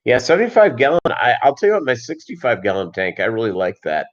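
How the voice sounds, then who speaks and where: A man hosting a casual livestream, rambling with many fillers and pauses and reading chat comments aloud. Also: medium pitch, big pitch swings. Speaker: livestream host. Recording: dull lo-fi stream audio.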